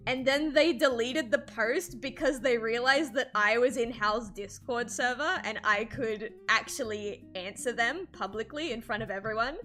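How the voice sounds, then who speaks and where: A woman artist chatting casually on a livestream while drawing, animated and swearing freely, with frequent laughs. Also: a little high, measured pace, faint music behind. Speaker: streamer and artist.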